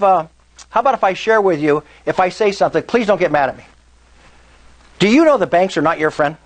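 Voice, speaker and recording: High-voiced man pitching to a room. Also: low-quality recording. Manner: animated storyteller, asks the room questions. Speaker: meetup speaker. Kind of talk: live seminar talk.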